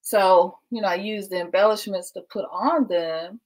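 Woman, casual livestream host, chatty and laughing, ordinary middle pitch. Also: measured pace, slight background noise, rough recording. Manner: chatty, keeps addressing viewers as y'all; laughs often, talks while packing. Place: at home indoors.

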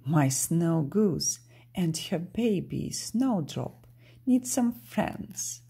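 A woman's voice: fairly high pitch, gravelly, dark tone, husky, voice pushed up, full character voice. A woman reading aloud, voicing a cruel, gloating male winter villain from a storybook in a bossy, mocking way.

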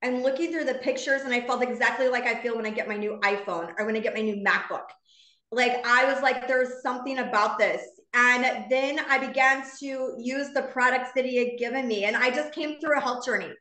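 Bright-voiced woman in her fifties, heartfelt. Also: fairly high pitch, fairly quick, echoey room. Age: 50s. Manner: earnest, heartfelt, conversational storytelling. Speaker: founder speaking to her business community. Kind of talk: personal testimony to a live online audience.

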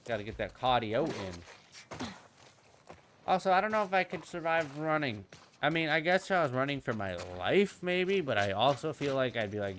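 A man's voice: mid-range voice, very animated, normal speed, a bit bright, a little hiss or hum. A young man giving casual gameplay commentary as a channel host, goofy and rambling, swearing freely and joking to himself.

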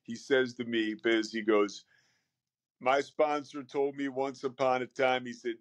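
A man talking casually as a podcast guest, animated and rambling, often repeating words as he starts a thought. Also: medium pitch, unhurried. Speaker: podcast guest, sports broadcaster. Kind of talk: casual conversation.

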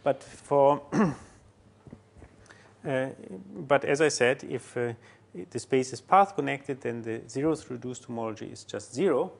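A man giving a university mathematics lecture, halting often with fillers and restarts as he works through a proof. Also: medium pitch, gravelly. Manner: halting, many fillers and restarts while writing.

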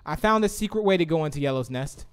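A man hosting a live game stream, excitably commenting and reading viewers' chat aloud. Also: a little high, quick pace, clear, resonant tone. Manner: excitable, reads chat aloud, swings from shouts to mumbles. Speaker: livestream host.

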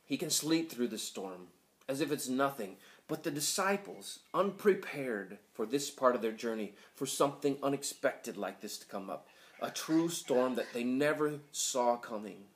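A man who is a school pastor, giving a sermon at a graduation, swinging from loud pleading to hushed, whispered passages. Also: mid-range voice, lively intonation, normal speed.

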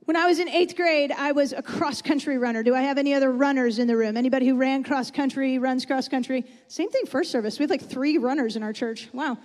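This sermon comes from a woman whose voice sits high yet carries a darkish tone, and she talks fast with few pauses. Chatty and conversational, she often questions her congregation in the church sanctuary, where the hall's long reverb is clearly heard.

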